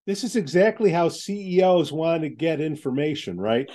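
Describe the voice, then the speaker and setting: A man's voice: a little high, moderate pace, warm tone. Punchy male podcast host. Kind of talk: casual podcast interview.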